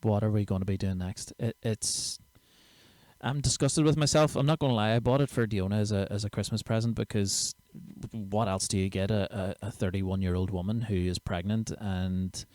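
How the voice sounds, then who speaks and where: A man's voice: lowish voice, darkish tone, no room sound. A man, a comedian chatting casually and sweary on his own livestream show. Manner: chatty, sweary, self-mocking. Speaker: comedian and podcast host.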